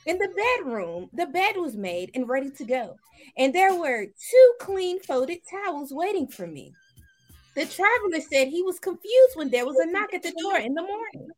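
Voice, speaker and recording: A woman's voice: extremely high pitch, big pitch swings, moderate pace, faint music behind. A woman reading news stories on a comedy morning show, giggling and breaking into laughter as she reads.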